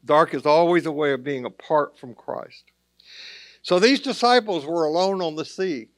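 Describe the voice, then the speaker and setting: A male pastor delivers a sermon in a relaxed, conversational way, turning to the listeners with casual asides. His voice sits a little higher than most men's. The sound is close and dry, with no room echo. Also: normal speed. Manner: conversational preaching with plain asides.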